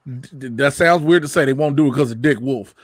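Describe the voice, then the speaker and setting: A young adult man hosting a casual podcast chat, animated and profane, breaking into shouted mocking quotes. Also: mid-range voice, fairly quick, no room sound, studio quality. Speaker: podcast host.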